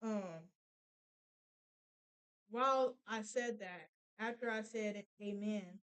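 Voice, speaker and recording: A young woman telling a painful personal story, halting with many fillers and restarts. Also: mid-range voice, a bit bright, clean tone, rough recording. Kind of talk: casual storytelling.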